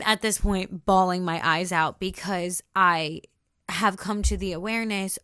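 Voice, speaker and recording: A woman podcast host telling a personal story with feeling, repeating phrases and slowing down for emphasis. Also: lowish voice, steady tone, pushed and bright, clear, resonant tone, no echo, studio quality.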